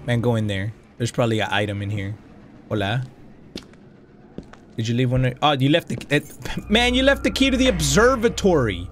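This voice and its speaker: A young man hosting a gaming video, commenting on a horror game as he plays, excitable and profane, muttering to himself and yelling at the game. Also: mid-range voice, normal speed, long pauses, slight background noise.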